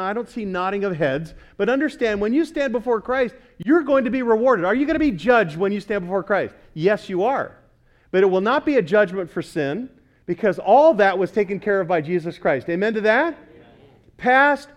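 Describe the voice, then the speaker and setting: A male pastor preaching a sermon, often asking the congregation questions and repeating key words for emphasis. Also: sits high.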